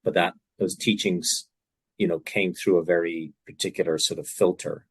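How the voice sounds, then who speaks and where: Irish man, host, reflective, soft-spoken, deep voice, dry recording. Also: steady tone, normal speed, breathy edge, no room sound. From Ireland. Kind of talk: reflective conversation.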